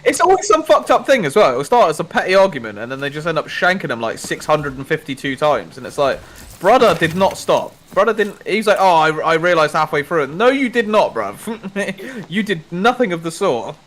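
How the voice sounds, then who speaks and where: A young man co-hosting a gaming podcast, talking in crude, swearing banter with loud mocking outbursts. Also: high-pitched, sing-song, a little fast. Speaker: podcast co-host.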